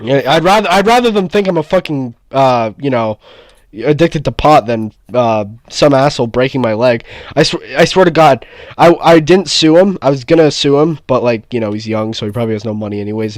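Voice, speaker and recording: A man's voice: mid-range voice, animated, brisk, no room sound, clean studio sound. A man in casual chat, telling a story with a lot of cursing and heat. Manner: profane, heated storytelling.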